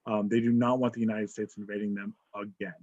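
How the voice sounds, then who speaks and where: A man's voice: on the low side, level tone, fast, darkish tone. A man teaching an online history class, talking casually, joking and checking in with "right?". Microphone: video call. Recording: dull lo-fi video call audio.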